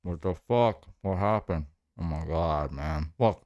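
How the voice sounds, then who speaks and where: A man with a very low, deep voice gives blunt, mocking commentary full of profanity. The sound is dry and close, with no room echo around his voice. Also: a little slow, a little mellow. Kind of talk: reaction commentary.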